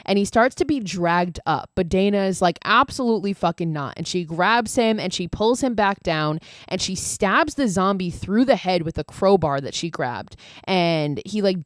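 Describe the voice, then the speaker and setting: Woman podcaster, mid-pitch, chatty plot recap with casual swearing, dry booth sound. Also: no echo. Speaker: podcast host.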